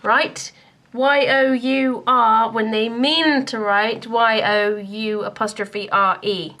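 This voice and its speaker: A young woman chats straight to her camera in a casual vlog, with a slightly high voice. She keeps a light, self-mocking tone and drops in quick jokey asides. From Scotland. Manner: chatty, self-deprecating, lively asides. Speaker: YouTuber.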